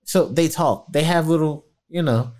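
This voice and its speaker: A man's voice: fairly high pitch, unhurried. A man co-hosting a casual sports talk show, talking in a loose, colloquial way and acting out what others told him. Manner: animated, colloquial, slips into quoted voices. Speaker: podcast co-host.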